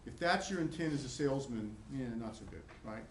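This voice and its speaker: A middle-aged man lecturing a college class in a conversational way, repeating himself and acting out quick voices. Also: medium pitch, expressive. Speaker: professor. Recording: echoey classroom with faint noise.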